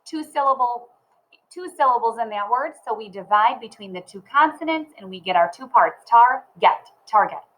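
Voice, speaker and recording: A woman teaching a phonics lesson to young children, sounding words out slowly and clearly. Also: a little high, expressive, low-quality recording.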